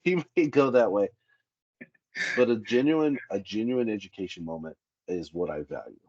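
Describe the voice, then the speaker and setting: A man with a very low, husky voice talks through job-site stories and acts out what people said. The sound is dry and a little muffled. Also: moderate pace, no room sound. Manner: animated, acts out quoted dialogue. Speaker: safety specialist guest. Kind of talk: candid interview storytelling.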